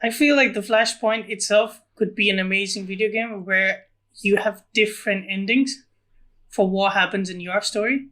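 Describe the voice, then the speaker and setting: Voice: mid-range voice, fairly even intonation, normal speed, sharp tone. A podcast co-host asking the questions in a casual film chat, keeping answers brief. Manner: brief, question-led, reads prompts.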